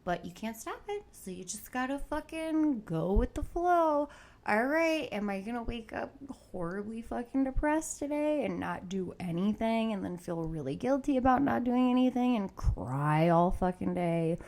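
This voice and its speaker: A woman's voice: fairly high pitch, lively intonation, normal speed, darkish tone. A woman hosting a podcast, ranting angrily and sarcastically with constant swearing. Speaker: podcast host. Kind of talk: profane opinion rant.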